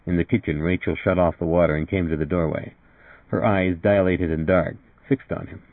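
Creaky low man reading a story. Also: steady tone, no echo, narrow, tinny audio. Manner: measured, plain reading with voiced dialogue. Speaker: narrator. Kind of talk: audiobook reading.

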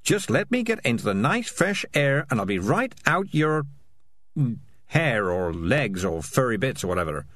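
A man's voice: mid-range voice, sing-song, moderate pace, fairly bright tone, no echo, studio quality. A man voicing a sly, self-serving talking male cat with a chatty, shifty manner, in a storybook reading. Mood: pleading.

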